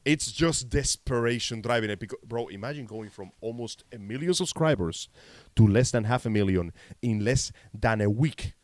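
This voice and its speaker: A man's voice: medium pitch, normal speed, no echo. A man co-hosting a live geek-news chat, blunt and sarcastic, swearing freely. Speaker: podcast co-host. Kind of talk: casual live-stream chat.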